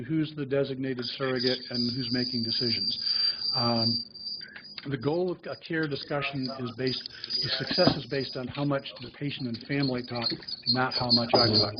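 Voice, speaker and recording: A man's voice: mid-range voice, breathy edge, dull audio. A man, a physician, giving a grand rounds lecture and telling stories that act out talks with patients and families. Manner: conversational storytelling, acts out patient dialogues.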